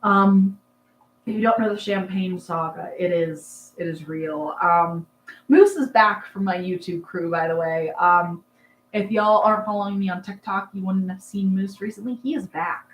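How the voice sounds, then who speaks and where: A woman's voice: mid-range voice, moderate pace, a little hiss or hum. Chatty woman in an echoey room. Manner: rambling, chatty, many fillers. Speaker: livestream host, rabbit breeder. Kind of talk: casual livestream chat reading comments. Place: dark barn at night.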